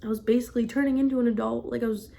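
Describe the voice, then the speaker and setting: A woman's voice: on the high side, steady tone, very fast, vocal fry, dark tone. A young woman telling a personal story in a casual vlog, rambling with constant "like" fillers. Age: young adult. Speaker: vlogger.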